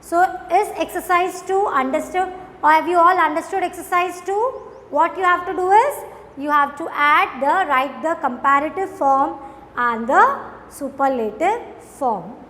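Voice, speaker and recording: A woman's voice: high voice, a bit bright, in a large hall. A woman teaching grammar to schoolchildren, drawing out words and often checking if the children understand. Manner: slow, drawn-out, addresses children often. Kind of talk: recorded grammar lesson for children.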